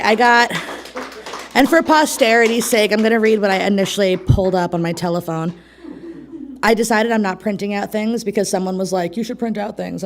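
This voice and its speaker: Young woman poet, out of breath, nervous and chatty, laughing asides, mid pitch. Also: a little hiss or hum. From New York State. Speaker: poet and co-host. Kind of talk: open mic poetry reading. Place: small community venue.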